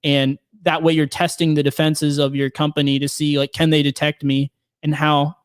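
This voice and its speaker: A man's voice: fairly high pitch, little pitch movement, normal speed, clear, resonant tone, no echo, clean studio sound. A man working as a penetration tester, chatting casually as a guest and explaining his job with many fillers and restarts. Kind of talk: casual podcast conversation.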